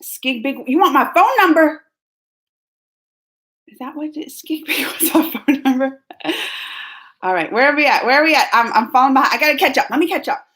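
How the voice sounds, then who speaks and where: A woman's voice: high-pitched, quick pace, fairly bright tone. A woman from New Orleans with a Southern accent, chatting casually and giggling as she reads viewer comments on her live stream. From New Orleans, Louisiana, US. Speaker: YouTube host.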